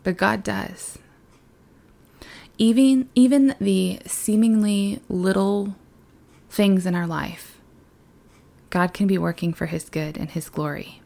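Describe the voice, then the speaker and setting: A woman's voice: mid-range voice, slow, gravelly, pauses often, dark tone. A young woman who works in children's ministry, giving an earnest, conversational devotional talk.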